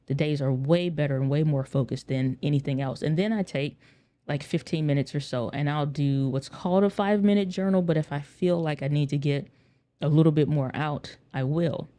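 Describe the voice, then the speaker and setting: Briskly and in a fairly high, mellow voice, a solo podcast host talks in a casual, sincere manner. He repeats certain phrases to stress them.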